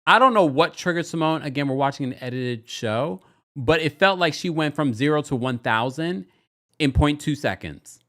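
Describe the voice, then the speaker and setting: Animated man chatting through a show recap. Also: moderate pace. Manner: animated, chatty, slips into quoting people in exaggerated high voices. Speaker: podcast host recapping a reality show. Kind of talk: casual livestream recap commentary.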